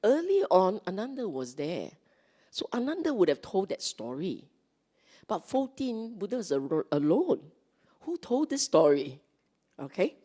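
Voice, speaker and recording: A woman's voice: medium pitch, sing-song, measured pace, dark tone, slightly rough. A woman with a Singaporean English accent giving a chatty Dharma talk to a congregation. She often checks in with "okay?" and acts out the lines she quotes. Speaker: Dhamma teacher. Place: meeting hall.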